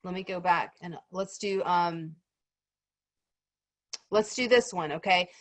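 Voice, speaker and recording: Speaking slowly in a fairly low voice, a woman leads a casual group discussion over video call, peppering it with ums and "right?" checks. There's no echo.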